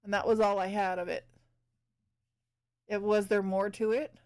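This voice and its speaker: A woman streamer chatting casually as she paints. Her voice is smooth and clear, and she keeps up an easy back-and-forth with her viewers while she works. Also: medium pitch, flat delivery, moderate pace, darkish tone. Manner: chatty, talks to chat while working.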